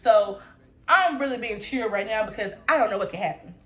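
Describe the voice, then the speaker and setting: A young woman telling a storytime vlog in casual slang, acting out voices with big jumps in pitch. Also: fairly quick. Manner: animated storytelling, acting out her own and others' lines with big pitch jumps. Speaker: vlogger.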